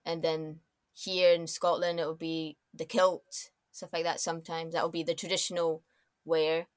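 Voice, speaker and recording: A woman guest on a casual podcast interview who rambles with lots of "like" fillers and lets her sentences trail off softly. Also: deep voice, flat delivery, moderate pace, dry recording, clean studio sound. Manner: rambling, many likes and soft trailing-offs.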